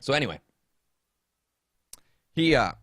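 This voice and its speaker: A man's voice: medium pitch, big pitch swings, slow, fairly bright tone, no room sound, studio quality. A man hosting a podcast, telling a story in a casual, comedic way, indignant and swearing freely. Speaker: podcast host.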